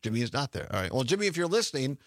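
A man's voice: mid-range voice, sing-song, racing, no room sound, studio quality. A man hosting a call-in radio talk show, reading listener messages aloud with frequent laughs. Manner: upbeat, laughs often, reads messages aloud. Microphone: studio microphone.

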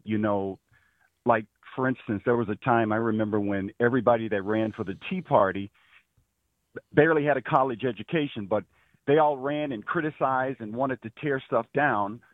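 A man's voice: fairly low pitch, no room sound. A man calling into a radio show, talking earnestly and critically, restarting his sentences now and then. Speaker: caller. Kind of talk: phone call to a radio show. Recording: tinny phone line.

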